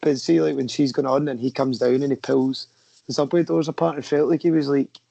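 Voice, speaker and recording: A man with a gravelly, fry-edged voice chats bluntly about a film as a podcast co-host. He often swears and tags his points with "isn't it". The sound is dry and close. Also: medium pitch, steady tone, a little fast, mellow, no room sound, dull audio. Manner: blunt and chatty, with tag questions and swearing. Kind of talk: casual film discussion.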